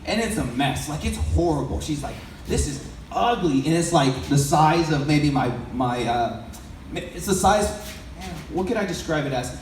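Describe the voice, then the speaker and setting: A man with a slightly high voice and lively intonation speaks at normal speed, addressing an audience with a sermon-like story. His delivery is loose and conversational, and he often asks the crowd questions. The recording is from an echoey hall with the mic far off and faint background noise.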